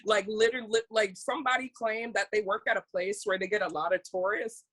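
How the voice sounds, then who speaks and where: A woman's voice: medium pitch, a little fast. A young American woman co-hosting a podcast, telling stories in casual chat and acting out the quotes. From United States. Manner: animated storytelling, acting out quotes. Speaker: podcast co-host.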